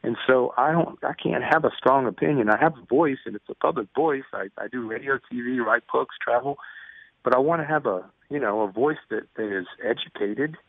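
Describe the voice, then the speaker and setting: A man's voice: medium pitch, brisk, vocal fry, dry recording. A man in his fifties, a guest in an interview, telling stories earnestly and acting out the dialogue. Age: 50s. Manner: earnest storyteller, acts out dialogue. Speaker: guest, prison ministry speaker. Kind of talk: conversational interview over the phone. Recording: tinny phone line.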